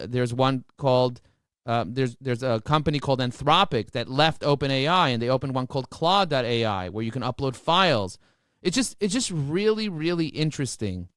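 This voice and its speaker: A man talking as a podcast guest, emphatic and motivational, often repeating words as he rushes ahead. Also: on the high side, clear, resonant tone, no room sound, clean studio sound. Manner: repeats words when excited. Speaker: podcast guest, marketing expert. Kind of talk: energetic podcast interview.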